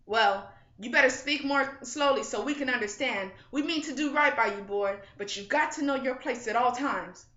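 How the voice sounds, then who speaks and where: A woman's voice: high voice, moderate pace, few pauses, sharp tone, pitched above the performer's own voice. A woman voicing a small, dry, mustached older man who talks down in a patronizing drawl. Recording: dull, roomy recording.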